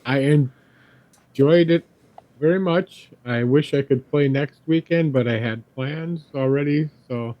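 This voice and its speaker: A man with a slightly high voice chats after a game session. He sounds playful and a little halting as he speaks. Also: dry recording, lo-fi sound. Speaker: player. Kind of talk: casual chat.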